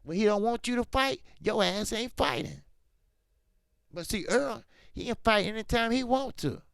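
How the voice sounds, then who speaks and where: A boxing talk show host runs a casual commentary livestream, animated and emphatic, drifting into slang. His voice is high, creaky, clear, and resonant at a moderate pace. It's studio-quality audio with no room sound.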